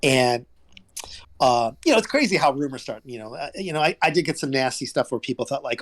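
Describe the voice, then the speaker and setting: Man, interview guest, rambling storyteller, animated pitch, frequent restarts. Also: fast. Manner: rambling and animated, with many restarts and big pitch jumps when quoting others. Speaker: guest, former toy developer.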